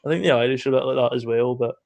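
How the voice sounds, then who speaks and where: A man's voice: medium pitch, racing, gravelly, darkish tone. A Scottish man chatting on a live stream, telling stories in a sweary, chuckling way. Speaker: live show co-host. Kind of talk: casual live-stream chat.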